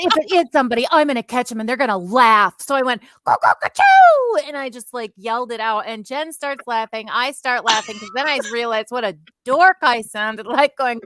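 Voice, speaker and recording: A woman's voice: a little high, a bit bright, no echo. A woman from the American Midwest, a guest on a talk show, chatting playfully and laughing easily. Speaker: guest, Bigfoot researcher. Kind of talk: casual chat.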